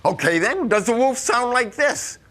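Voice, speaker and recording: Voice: medium pitch, lively intonation, normal speed, fairly bright tone, close to an everyday voice. An actor playing a big, friendly, silly wolf who chats playfully with the children in a live stage show. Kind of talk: live children's theatre, talking to the audience. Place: theatre stage with a live audience.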